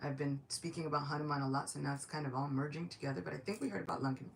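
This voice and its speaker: A woman giving a devotional lecture, telling a sacred story in a lively, chatty way. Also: low voice, very fast, creaky, slight background noise.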